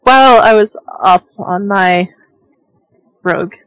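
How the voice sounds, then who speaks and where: A woman's voice: mid-range voice, measured pace, a bit bright, no echo, soft background music, low-quality recording. A woman playing a tabletop role-play game, talking casually and trailing off as she explains herself. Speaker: player.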